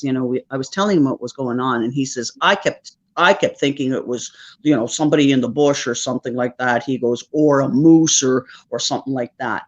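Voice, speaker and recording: A woman, a podcast guest telling a story in a casual, rambling way and often checking in with "right?". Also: low voice. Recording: dull lo-fi recording.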